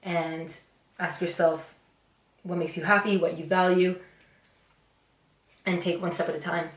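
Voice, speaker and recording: A woman's voice: fairly low pitch, little pitch movement, a little slow, echoey room. A woman in her twenties chatting casually in a get-ready-with-me vlog, reflective and rambling, with lots of "like" and "you know". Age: 20s. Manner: rambling, filler-heavy and reflective. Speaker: YouTuber. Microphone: camera mic.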